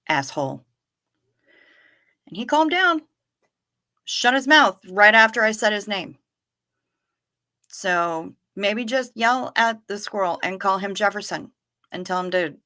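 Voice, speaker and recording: A woman hosts a casual livestream, chatting easily with her viewers and answering their comments as they come in. Her voice is bright and forward, and she speaks at an unhurried, leisurely pace. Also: mid-range voice, lively intonation. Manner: chatty, warm toward viewers, reads comments aloud, apologetic asides. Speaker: livestream host reading chat.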